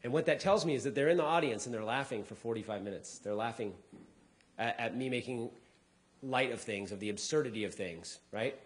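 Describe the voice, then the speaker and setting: Speaking a little fast in a mid-range voice, this middle-aged man is a comedian giving a talk to a society. His storytelling includes acted-out quotes in other people's voices, and he frequently repeats words when restarting.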